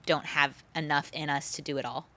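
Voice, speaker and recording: A woman's voice: low voice, fairly quick, dry recording. A middle-aged woman, a guest author, telling stories animatedly in a casual interview. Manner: animated storyteller, acts out quotes. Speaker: podcast host and author, guest.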